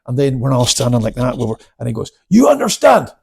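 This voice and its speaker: Gravelly, husky older man telling stories. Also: mid-range voice, level tone, quick pace. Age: 70s. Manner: chatty, laughing, many restarts and fillers. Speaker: guest, karate instructor. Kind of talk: casual storytelling interview.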